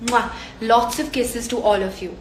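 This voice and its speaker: A young Indian woman with a fairly high voice chats on a fan live stream, reading comments aloud and laughing easily. Her voice comes from a phone in a roomy, echoing space with a faint hiss behind it. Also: measured pace, fairly bright tone. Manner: bubbly and chatty, laughs easily, sends hugs and kisses. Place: indoor room away from home, on a work day. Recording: echoey room on a phone stream.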